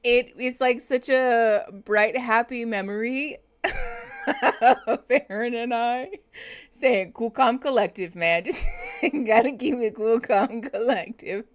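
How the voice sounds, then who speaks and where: Slow-talking woman therapist streaming live. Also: a little high, steady tone. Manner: chatty, laughs often, talks to chat. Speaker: therapist and livestream host. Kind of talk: casual live reaction chat.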